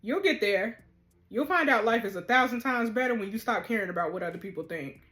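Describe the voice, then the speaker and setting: A woman's voice: a little high, animated, a little fast, fairly bright tone, faint music behind. A woman reading the lines of a tough, self-assured teenage girl in a juvenile facility, in a blunt manner.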